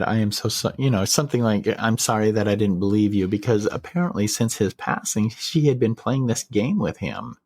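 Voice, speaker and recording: A man hosting a podcast, retelling a personal story in casual chat, measured and full of quoted dialogue. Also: lowish voice, darkish tone, no echo.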